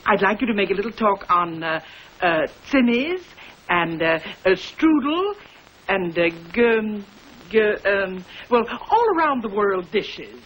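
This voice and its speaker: A woman's voice: medium pitch, big pitch swings, measured pace, a little hiss or hum, low-quality recording. An actress playing an enthusiastic suburban neighbor lady who gushes over food and stumbles over words, in 1950s sitcom style. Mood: hesitant. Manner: gushing, hesitant with filler sounds.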